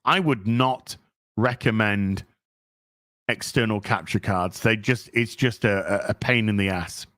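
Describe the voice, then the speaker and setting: A man hosting a casual livestream, reading viewer donations and answering them in an animated, profane and boastful way. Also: lowish voice, measured pace, no echo, studio quality. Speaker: streamer host.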